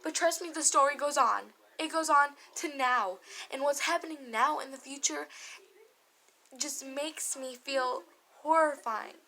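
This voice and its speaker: A woman's voice: high-pitched, unhurried, sharp tone, low-quality recording. A woman vlogger telling a personal story in a confessional, emotional way, candid and often swearing.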